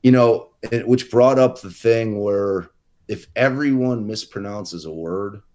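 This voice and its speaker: A man with a fairly low voice talks in loose, unscripted podcast banter. He tells a long, meandering story with lots of fillers and restarts, and he swears freely. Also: a little slow, darkish tone. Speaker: podcast co-host, lawyer.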